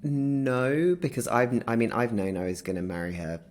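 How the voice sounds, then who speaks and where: A man, a guest in a casual interview, telling a story in a lively way and often laughing through it. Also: medium pitch, moderate pace.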